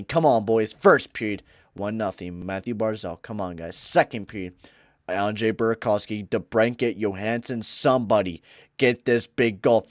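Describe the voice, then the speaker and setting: Excitable young-sounding gaming commentator guy. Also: lowish voice, measured pace, no room sound, clean studio sound. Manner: excitable, swings from mumbling to shouting. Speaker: gaming YouTuber. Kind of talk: game commentary. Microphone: close headset or desk mic with pop filter.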